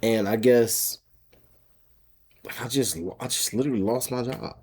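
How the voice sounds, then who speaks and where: A man with a husky, mellow voice tells a personal story straight to his viewers. He rambles, restarts his sentences and breaks into laughs, getting more emotional as he goes. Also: medium pitch, fairly even intonation, measured pace. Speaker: homestead vlogger. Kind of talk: casual storytelling to camera.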